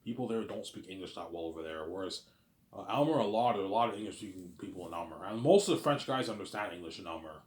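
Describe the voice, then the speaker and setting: A man's voice: low voice, lively intonation, fast, echoey room. A man from Canada talking in a rambling, repetitive casual monologue, swearing offhandedly and often asking "you know what I'm saying". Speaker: vlogger.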